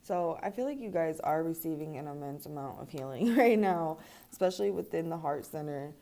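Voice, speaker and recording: Brisk and animated, a young woman reads tarot cards for her viewers, chatting loosely, laughing a lot and swearing casually. Her slightly low voice sounds warm and mellow rather than bright.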